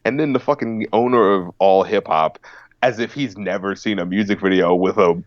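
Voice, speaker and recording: A man's voice: low-pitched, moderate pace, dry recording, lo-fi sound. A man co-hosting a stream, rambling through casual chat and mimicking people. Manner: rambling, laughing, mimics others.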